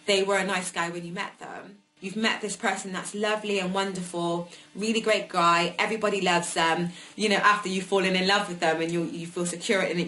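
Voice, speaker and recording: A young woman, sharing her personal story haltingly, with many fillers and restarts. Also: on the low side, sharp tone, rough recording. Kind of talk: personal testimony.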